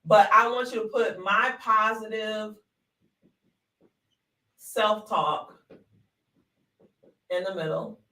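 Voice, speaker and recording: A woman's voice: mid-range voice, slow, pauses often, pushed and bright, far from the mic, poor audio. A woman hosting a live online workshop, chatty and encouraging, full of y'all, calling viewers honey and sugar into a desk microphone. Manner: folksy, uses y'all often. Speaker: workshop host.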